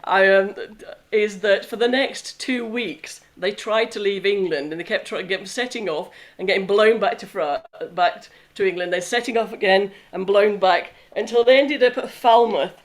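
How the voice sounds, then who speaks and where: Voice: mid-range voice, normal speed, hardly any pauses. A host reading from an old diary aloud and chatting casually, with frequent apologetic asides.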